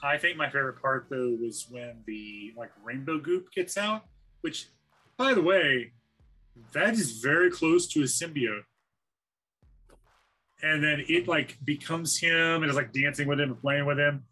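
Bright, husky-voiced male podcast host. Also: on the high side, measured pace, soft background music, low-quality recording. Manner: enthusiastic, moderates the turns. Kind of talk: casual podcast chat.

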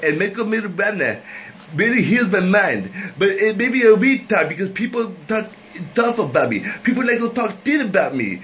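A young man hosting his own vlog, rambling erratically with sudden loud, excited swings. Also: high voice, a little hiss or hum, low-quality recording. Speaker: vlog host. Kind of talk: rambling self-recorded vlog.

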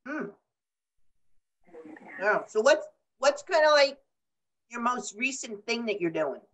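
Woman host on a video call; lively, playful interviewer. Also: a little high, slow, low-quality recording. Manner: playful, teasing asides.

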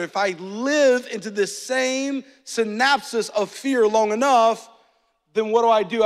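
Pastor guy preaching, high voice, jokes around, church reverb all over. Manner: animated and joking, acts out voices. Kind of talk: sermon.

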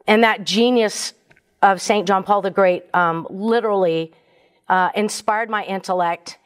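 A woman speaking earnestly and conversationally to a parish audience, with many fillers and restarts. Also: medium pitch. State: briefly choked up. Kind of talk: casual faith talk to a parish audience.

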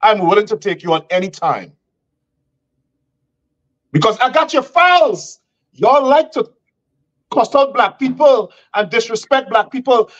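Combative host on a dull line. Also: male voice, very high voice, expressive, unhurried, long pauses, fairly bright tone. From Guyana. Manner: combative and defiant, with emphatic stretched words. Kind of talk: heated talk show commentary. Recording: dull lo-fi sound.

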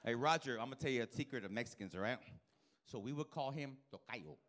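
A man's voice: mid-range voice, animated, fast, a bit bright, slight background noise. A male stand-up comedian on a comedy club stage, doing brash, profane, teasing crowd work with the audience.

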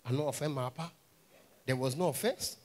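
A young man with a Nigerian accent doing a stand-up comedy set, telling animated stories in a mix of Pidgin and English and acting out characters. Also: medium pitch, brisk. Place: stage at a live show.

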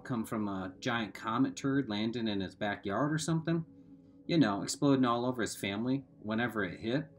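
A man's voice: mid-range voice, close to an everyday voice. A man reading aloud and voicing a crude teenage boy who mocks his friends in coarse slang. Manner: coarse backwoods slang, mocking.

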